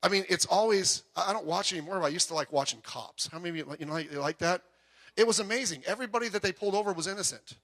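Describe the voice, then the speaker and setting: Heard through the sanctuary's PA speakers, a pastor preaches very fast in a high, slightly bright voice. His sermon is conversational, peppered with asides and stories from his own life.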